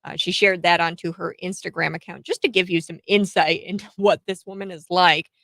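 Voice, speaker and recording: A woman's voice: lowish voice, steady tone, fairly quick, fairly bright tone, no room sound, rough recording. A woman hosting a commentary show, talking in a chatty, sarcastic way with many filler words and short laughs. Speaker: host. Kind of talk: political commentary.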